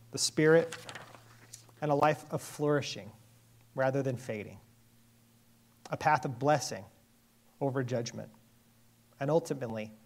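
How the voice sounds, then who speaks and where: A man preaching a sermon as a pastor, earnest and measured, with emphatic pauses. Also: medium pitch.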